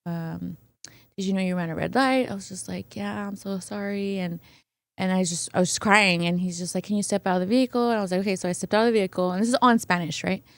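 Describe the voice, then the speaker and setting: Her voice is medium in pitch and quick in pace, captured in a dry recording. As a podcast guest, she casually and animatedly tells a personal story, acting out quoted voices and frequently tossing in fillers like "right?".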